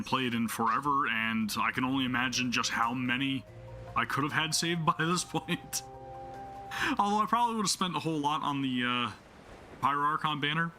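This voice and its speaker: A man's voice: medium pitch, pushed and bright. A man hosting a gaming channel, chatting casually with enthusiasm while he plays, rambling with lots of fillers. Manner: rambling, full of fillers and restarts. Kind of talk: casual gameplay commentary.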